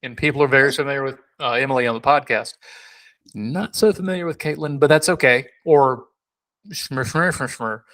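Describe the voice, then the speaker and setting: A man's voice: medium pitch, fairly quick, a bit bright. A man co-hosting a casual podcast, rambling and joking with many restarts. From South Carolina. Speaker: podcast co-host.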